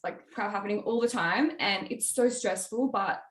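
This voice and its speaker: A young woman talks casually about her music work in an interview. She is bubbly, laughs easily and fills her sentences with "like" and "um." Her voice sits at a middling pitch, with a noticeable roomy echo. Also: moderate pace, slight background noise. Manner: bubbly, laughs often, many fillers. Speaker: music producer guest.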